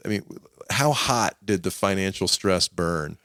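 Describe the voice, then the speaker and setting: A middle-aged man hosting a podcast and interviewing his father, teasing and joking as he fires quick follow-up questions. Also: lowish voice, lively intonation, fairly bright tone, dry recording, clean studio sound. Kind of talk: casual interview.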